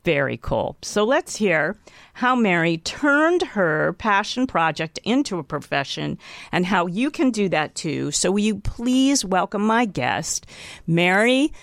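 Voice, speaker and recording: A woman's voice: mid-range voice, very animated, measured pace, gravelly, no room sound, clean studio sound. A woman hosting an interview show, reading the guest's introduction and reacting chattily. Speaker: talk show host.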